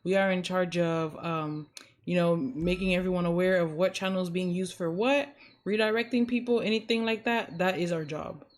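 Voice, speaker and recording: A woman's voice: lowish voice, moderate pace. A woman playing a dispatcher, interviewing a recruit in a casual, chatty way with slang. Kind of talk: role-play interview.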